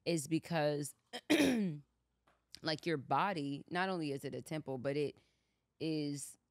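A woman co-hosting a podcast, talking through faith in a relaxed, thoughtful way, often checking in with "you know what I'm saying". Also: low-pitched, slow, no echo. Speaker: podcast co-host. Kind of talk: casual faith chat.

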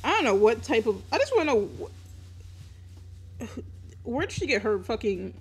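A woman's voice: a little high, very animated, normal speed, breathy edge. A young woman chatting casually on a live stream while she draws, laughing often, swearing freely and teasing her viewers.

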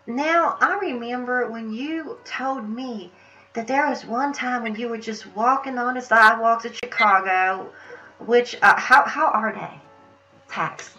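A woman host with a bright, somewhat high voice asks playful, leading questions at an unhurried pace. The recording is a little dull, with faint music under it. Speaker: show host, interviewer. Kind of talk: casual interview.

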